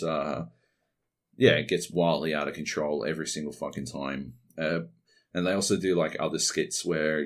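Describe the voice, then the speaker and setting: An Australian man hosting a podcast alone, rambling casually and swearing freely. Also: low voice. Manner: rambling, heavy swearing, animated. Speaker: podcast host. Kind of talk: casual solo podcast monologue.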